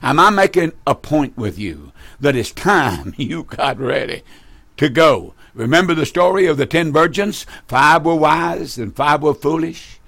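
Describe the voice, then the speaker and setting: A man's voice: on the high side, lively intonation, unhurried, vocal fry, fairly bright tone, no room sound. Man, broadcast preacher, fervent and emphatic, dry close sound. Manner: fervent, emphatic, repeats phrases.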